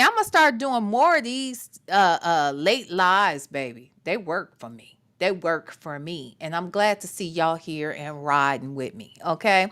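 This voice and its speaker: A woman's voice: lowish voice, very animated, measured pace, hardly any pauses, fairly bright tone. A woman hosting a late-night reaction livestream, commenting with sassy, profane asides and talking straight to her chat. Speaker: reaction show host.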